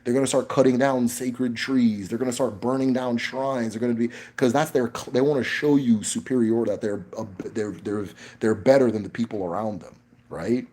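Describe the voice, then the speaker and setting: A male livestream host fields questions in a casual Q&A, blunt, emphatic and frequently profane, tagging his points with "right?" His mid-range voice is warm, fairly even in intonation and moderate in pace.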